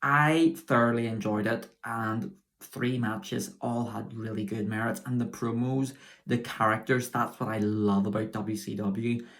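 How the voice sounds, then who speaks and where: A man's voice: fairly low pitch, steady tone, a little slow, a bit bright. A man reviewing an old wrestling show in a casual solo video, chatty and enthusiastic, often stopping to correct himself.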